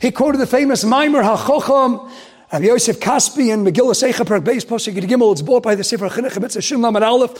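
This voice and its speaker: A man, a rabbi, giving a sermon, swinging from loud outrage to hushed emphasis. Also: extremely high pitch, fast, breathy edge.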